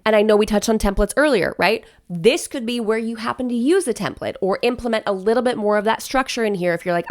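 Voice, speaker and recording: A woman's voice: a little high, quick pace, hardly any pauses. A woman wedding planner giving advice in a casual vlog, chatty and direct, often checking in with "okay?".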